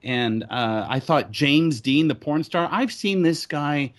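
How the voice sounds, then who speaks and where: A man's voice: a little high, slow. A middle-aged man, co-hosting a podcast and reviewing a film in casual, blunt and profane chat. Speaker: podcast co-host.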